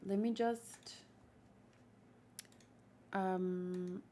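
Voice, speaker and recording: A woman's voice: medium pitch, steady tone, very slow, dark tone. A woman hosting a manga read-along, reading aloud and chatting casually, thinking aloud with restarts as she talks.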